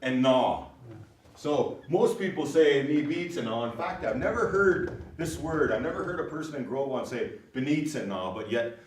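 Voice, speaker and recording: Teaching a language class, a man speaks at normal speed in a medium-pitched voice, explaining patiently and energetically while often checking that students follow. Recorded from a distance in an echoey room, it carries a little hiss or hum.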